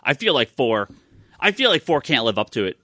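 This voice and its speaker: Male co-host, bright tone, casual stammering chat. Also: medium pitch, a little fast, a little hiss or hum. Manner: animated, stammering restarts. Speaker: podcast co-host.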